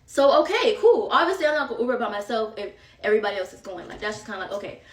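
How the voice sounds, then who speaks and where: A woman's voice: a little high, very fast. A young woman telling a rambling storytime to her viewers, casual and full of asides to the audience. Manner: chatty, filler-heavy, rambling asides to viewers. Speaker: storytime vlogger. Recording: echoey room, far from the mic.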